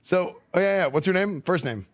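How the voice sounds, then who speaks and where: A man from Texas with a Texan accent, a streamer chatting casually with a school class, relaxed and slangy, with lots of fillers and restarts. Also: high-pitched, brisk. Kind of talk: casual chat answering students' questions. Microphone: good streaming microphone.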